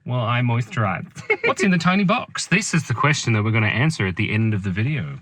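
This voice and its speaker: A man's voice: medium pitch, big pitch swings, quick pace, a bit bright. A man in his thirties, chatting in a playful, rambling, giggly way from a parked car, recorded without a proper microphone. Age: 30s. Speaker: vlogger. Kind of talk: rambling comic vlog chat. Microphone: built-in camera mic, no microphone.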